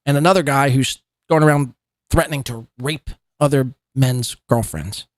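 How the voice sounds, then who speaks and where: A man's voice: mid-range voice, normal speed, no room sound. A man hosting a podcast, giving sarcastic, mocking commentary on clips and swearing freely. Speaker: podcast host.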